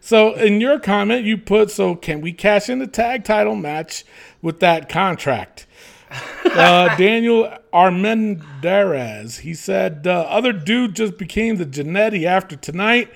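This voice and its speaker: A man co-hosting a casual chat podcast, reading listener comments aloud with animated swearing and frequent laughter. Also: sits high, measured pace, vocal fry.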